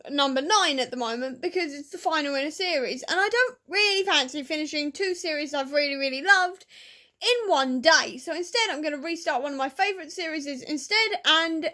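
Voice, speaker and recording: A woman's voice: high-pitched, expressive, brisk, pushed and bright. A woman chatting casually in a book vlog, emotional and rambling, often laughing at herself. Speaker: book vlogger.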